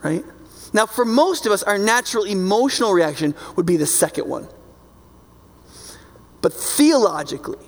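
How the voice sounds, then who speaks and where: A man's voice: sits high, lively intonation, moderate pace, long pauses, in a large hall. A man preaching a sermon in a conversational, emphatic way, often checking in with his listeners. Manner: conversational and emphatic, keeps asking "right?".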